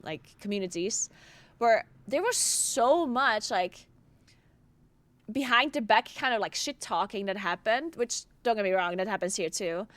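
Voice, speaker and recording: A woman's voice: medium pitch, expressive, a little slow, fairly bright tone, no room sound. A young woman from Tyrol, chatting casually on a game stream, full of fillers and swearing. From South Tyrol. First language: German dialect. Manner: chatty, many "like" fillers, swears, laughs often. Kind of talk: casual live-stream chat while gaming.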